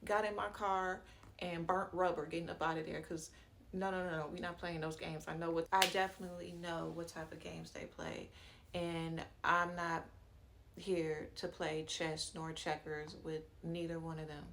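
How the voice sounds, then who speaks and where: A woman tells her viewers a personal story in casual storytime narration, chatty and slangy, pausing for fillers and asides and acting out what people said. Her voice is lowish, creaky and a bit bright, delivered flatly at normal speed, with slight background noise.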